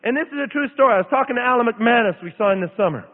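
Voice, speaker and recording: A man from Idaho preaches with a high, wildly swinging voice, building his story through dramatic repetition. The sound is thin and phone-like, with a long reverb trailing each phrase as if in a large hall. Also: animated, rapid-fire. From Idaho, USA. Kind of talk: sermon with storytelling.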